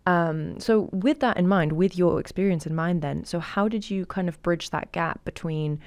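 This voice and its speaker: A woman's voice: lowish voice, normal speed, darkish tone, no room sound. Woman host with dry close sound. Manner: supportive, brief affirmations. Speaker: podcast host. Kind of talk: interview.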